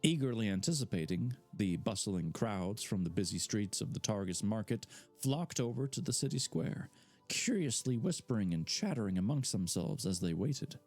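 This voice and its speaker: A man's voice: fairly low pitch, sing-song, moderate pace, a little mellow, soft background music. A man reading a fantasy novel aloud live, narrating with casual asides. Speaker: audiobook reader.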